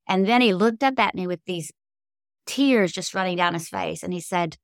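A woman's voice: fairly low pitch, normal speed, creaky, dry recording, clean studio sound. A middle-aged woman, a guest author, telling heartfelt faith-based stories in an interview with an earnest, emotional manner.

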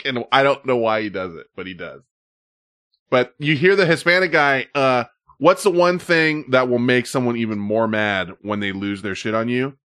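A man's voice: medium pitch, moderate pace, fairly bright tone, clear, resonant tone. A man hosting a podcast in casual chat, laughing often and talking loosely and profanely. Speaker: podcast host. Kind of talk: casual chat about viral videos.

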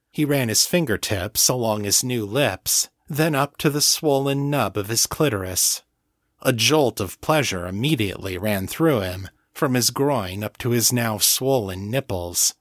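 An audiobook narrator, male, reads scripted narration slowly and with measured care. His voice sits at a medium pitch, and the recording is dry and of studio quality.

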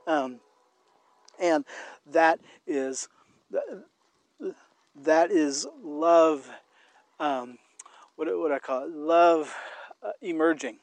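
A man's voice: on the high side, no room sound. A man chatting casually about faith and love, rambling and restarting often as he talks while walking outdoors. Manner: rambling, halting with many restarts. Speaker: co-host.

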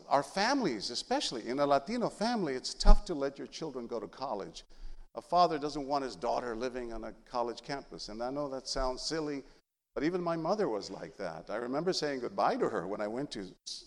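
A middle-aged man from San Antonio tells his life story in an animated, humorous way. His pitch rises and falls a lot. A long reverb hangs after each phrase, as in a large hall. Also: a little fast. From San Antonio, Texas. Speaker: journalist giving a talk. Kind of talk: storytelling speech.

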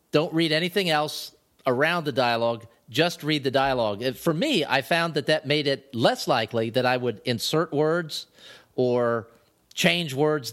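A man co-hosting a podcast about writing, speaking in a measured, hesitant way and repeating words as he thinks. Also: mid-range voice, fairly bright tone. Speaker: podcast co-host.

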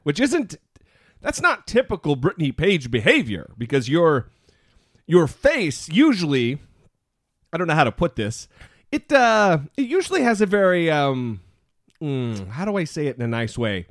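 A man's voice: on the high side, big pitch swings, moderate pace, no room sound, clean studio sound. A man co-hosting a podcast in casual chat, teasing and joking with his co-host.

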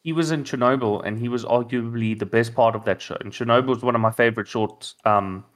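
A man co-hosting a podcast in casual chat, eager and relaxed as he moves the conversation along. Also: medium pitch, a little fast. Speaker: podcast co-host.

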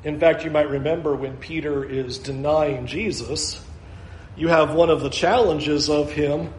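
Male preacher, high voice, animated delivery, roomy echo. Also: measured pace, a little hiss or hum. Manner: animated, acts out quoted voices, wide swings in pace. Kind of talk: sermon. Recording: echoey room.

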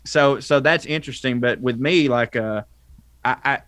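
A Southern-accented man chatting as a podcast guest, rambling and animated, often breaking off and restarting. His voice sits at an average pitch for a man. The recording is dry and close, with no room sound. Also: normal speed, clear, resonant tone, no room sound. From American South. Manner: rambling, animated, self-interrupting. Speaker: comedian guest. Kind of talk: casual podcast chat.

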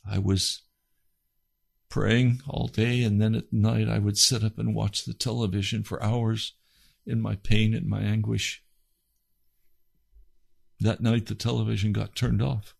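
A man delivering a testimony in a sermon, talking slowly and deliberately. His voice is gravelly with a lot of fry, and it sits low. He speaks with passion. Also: little pitch movement. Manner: impassioned, rising to cries when quoting his prayers. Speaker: preacher.

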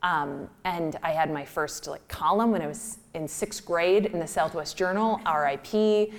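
Woman writer telling stories, chatty and self-deprecating, somewhat low voice. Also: unhurried. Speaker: writer giving a talk. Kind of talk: personal storytelling talk.

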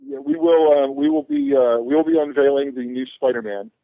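A man calling into a podcast tells a rambling, self-mocking story, his pitch leaping and dropping all over as he jokes along. The line is tinny and phone-like, and the sound is dry with no room around it. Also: very animated, a little fast, vocal fry, no room sound. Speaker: podcast guest, convention organizer. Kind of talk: casual podcast chat.

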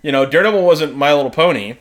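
A man's voice: fairly high pitch, expressive, fast talker. A man co-hosting a podcast in casual chat, swearing freely and laughing often. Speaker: podcast co-host.

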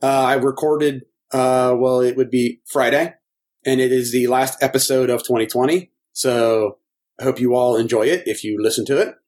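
A man co-hosting a podcast in casual chat, rambling and excitable, laughing often. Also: medium pitch, normal speed. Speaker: podcast co-host.

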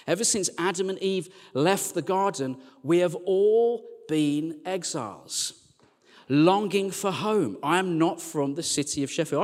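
A man preaching a sermon as a church team leader, chatty and joking, then turning quiet and earnest. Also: a little high, animated, moderate pace, long reverb tail. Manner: conversational and joking, dropping to quiet earnest lines.

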